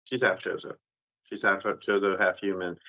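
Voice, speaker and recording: A man on a podcast, retelling a video game ending in an animated, rambling way with lots of fillers and some cursing. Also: low-pitched, moderate pace, muffled recording. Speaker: podcast co-host. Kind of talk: casual chat.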